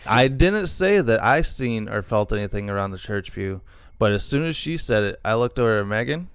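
A man's voice: on the low side, animated, normal speed, clear, resonant tone, no room sound. A man co-hosting a paranormal podcast, chatting casually with lots of fillers and restarts. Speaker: podcast co-host. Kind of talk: casual chat.

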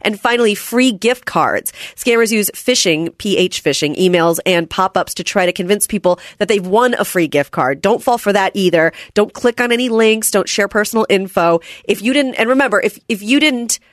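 Woman, podcast co-host, brisk, practical tone, dry close mic. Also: medium pitch, no echo. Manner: brisk, advice-giving. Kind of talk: casual chat.

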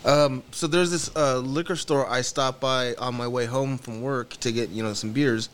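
A man's voice: medium pitch, fairly even intonation, moderate pace, a bit bright, smooth. A man chatting casually among friends, starting his story hesitantly with many fillers. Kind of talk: casual chat.

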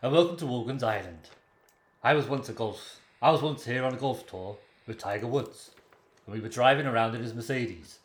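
A man's voice: mid-range voice, animated, fairly quick, pauses often, fairly bright tone, close to an everyday voice. A man putting on an impression of a famous Irish broadcaster to tell a joke, the accent slipping toward Welsh. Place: same room as co-host, indoors. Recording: roomy echo.

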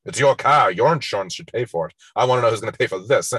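A man voicing a young hotheaded bully who shouts fast and accusingly, as in a movie recap. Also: lowish voice, animated, slightly rough, no room sound, voice pushed up. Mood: angry.

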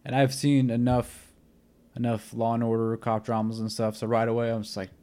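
A man's voice: medium pitch, level tone, normal speed, dark tone. A young man hosting a podcast, telling a rambling story in a casual way, full of fillers, who acts out the lines of everyone in it. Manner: rambling, filler-heavy, retells scenes with quoted dialogue. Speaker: podcast host.

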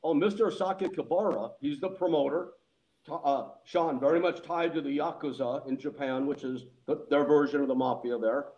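Man, casual podcast storyteller, higher-pitched voice, animated and laughing, acts out the quotes. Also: normal speed, muffled recording.

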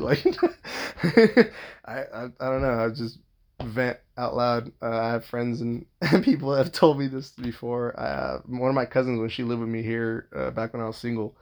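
A man with a gravelly, rough-edged voice tells a long personal story in a loose, casual monologue. He rambles, swears constantly and restarts sentences as he goes, at a middling pitch. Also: a little mellow.

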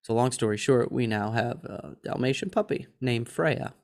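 A man in his thirties co-hosting a podcast, telling a story in a lively, chatty way and mimicking other people's voices. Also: mid-range voice, normal speed, gravelly. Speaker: podcast co-host. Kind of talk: casual chat.

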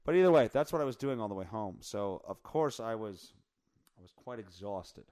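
A man hosting a podcast in a casual, joking chat. His voice is hoarse, and he rambles and corrects himself often. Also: on the low side, expressive, normal speed, darkish tone. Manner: rambling, self-correcting, jokey. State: hoarse from singing in the car. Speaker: podcast host.

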